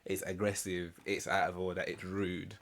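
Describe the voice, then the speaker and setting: A man's voice: low voice, little pitch movement, moderate pace, vocal fry, a bit bright. A man giving casual, slangy reaction commentary on a reality show, retelling scenes with laughs. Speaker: reaction channel host.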